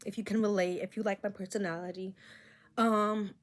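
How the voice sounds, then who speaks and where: A woman's voice: mid-range voice, measured pace. A young woman vlogger with a slight accent of her own, talking to her camera in a rambling, candid and self-conscious way. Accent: own non-American accent. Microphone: camera mic.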